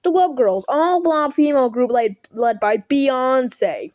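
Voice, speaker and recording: Young woman reader; snarky, profane, stumbles on words, bit high voice, dry sound. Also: animated, slow pace, a little mellow, no echo. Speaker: content creator. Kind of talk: reading an article aloud with commentary.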